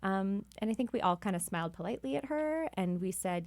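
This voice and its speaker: A woman's voice: medium pitch, expressive, brisk, few pauses, a little mellow, no room sound. A woman, a midwife co-hosting a podcast, chatting and telling stories in a casual way.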